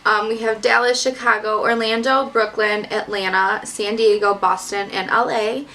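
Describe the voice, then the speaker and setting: A woman's voice: medium pitch, flat delivery, normal speed, pushed and bright, far from the mic. Chatty young woman, slightly off-mic. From Detroit area, US. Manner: chatty, lots of "like" fillers, bubbly and swearing casually. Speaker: beauty vlogger. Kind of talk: casual makeup chat to camera. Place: at home, in front of a mirror.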